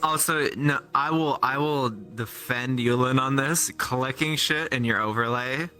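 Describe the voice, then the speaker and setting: A man chatting casually on a stream, excitable and quick to swear. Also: medium pitch. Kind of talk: casual chat.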